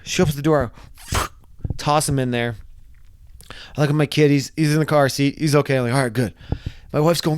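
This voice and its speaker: A man casually telling a wild story to camera, animated and often restarting his sentences. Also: fairly high pitch, a little fast, long pauses, smooth. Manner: animated, acts out shouted quotes, frequent restarts. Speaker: vlogger.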